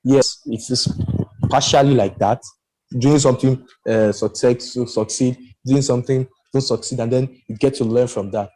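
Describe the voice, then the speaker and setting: Man, podcast panelist, warm and mellow, emphatic and rambling. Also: mid-range voice, normal speed, low-quality recording. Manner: animated and emphatic, rambling with restarts. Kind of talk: casual discussion.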